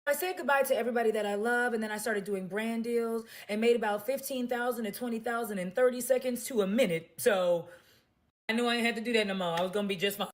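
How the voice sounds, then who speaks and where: A woman content creator venting defiantly in a casual monologue, sharp-tongued and laughing often. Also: on the high side, quick pace.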